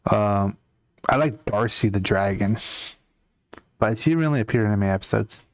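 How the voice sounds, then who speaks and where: A man's voice: on the low side, normal speed, no echo. A young man casually chatting with his chat while drawing on a live stream, rambling and answering comments as he works. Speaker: art streamer.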